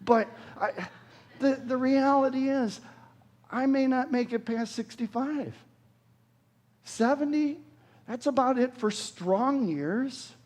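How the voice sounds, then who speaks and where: A man in his sixties preaching a sermon, earnest, rising sharply when quoting scripture and dropping low for emphasis. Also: slow, long pauses, a little mellow. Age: 60s. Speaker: pastor.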